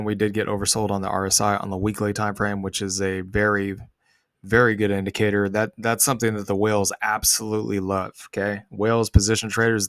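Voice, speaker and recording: A man with a lowish voice talks through charts in a relaxed, slangy way. He throws in the odd "dude" and sarcastic aside. The sound is close and dry, with no room around it. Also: no room sound. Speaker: host. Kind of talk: casual market commentary over charts.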